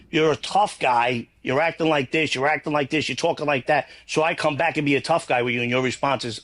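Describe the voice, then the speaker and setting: A man's voice: mid-range voice, quick pace, few pauses, fairly bright tone. A man, a guest in a casual interview, talking bluntly in long, rambling runs and swearing freely. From New York.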